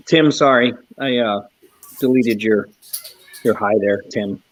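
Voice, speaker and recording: A man's voice: mid-range voice, takes it slowly, vocal fry, dry recording. A man, a trucker, hosting a casual live chat stream, reading and answering comments and laughing often. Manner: chatty, laughs often, breaks into joking voices. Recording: dull lo-fi stream audio.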